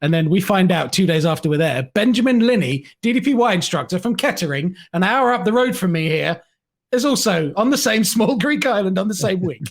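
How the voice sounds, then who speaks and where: A man's voice: high voice, animated, a little fast. An English man co-hosting a podcast, chatting casually and laughing often as he talks. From Britain. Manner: laughs often while talking. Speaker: podcast co-host. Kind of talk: casual chat.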